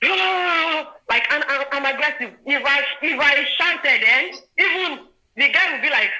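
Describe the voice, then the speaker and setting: A woman's voice: sits high, measured pace, rough recording. A woman in her twenties with a Nigerian accent, telling a personal story in a casual chat and often checking that her listeners follow. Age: 20s. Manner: animated, often checks in with "do you understand?". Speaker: guest sharing a personal story.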